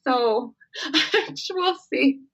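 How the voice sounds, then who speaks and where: A woman author chatting as an interview guest, often laughing and poking fun at herself in quick asides. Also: sits high, animated, gravelly, highs cut off. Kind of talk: casual interview chat.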